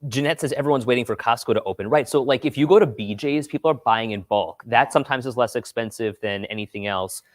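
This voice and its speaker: A man co-hosting a morning talk show, chatting casually, telling animated stories, and reading viewer comments aloud in a TV studio. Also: mid-range voice, fairly quick, few pauses, no echo. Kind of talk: casual chat.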